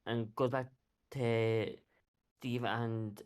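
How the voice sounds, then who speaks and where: Male game master, slow, halting narration, tabletop game. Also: medium pitch, flat delivery, clean tone. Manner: halting, many fillers and restarts.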